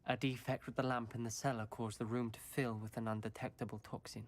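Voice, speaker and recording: A man's voice: medium pitch, little pitch movement, fast talker, lightly acted. An actor playing an earnest, protective young male wizard student who reproaches a friend. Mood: somber.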